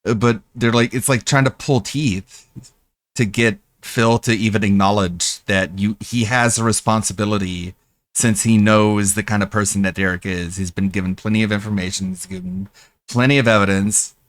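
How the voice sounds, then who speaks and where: A man's voice: on the low side, normal speed, dry recording. A man on a stream chatting casually about the video he is editing. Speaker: stream co-host and video editor. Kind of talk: casual chat.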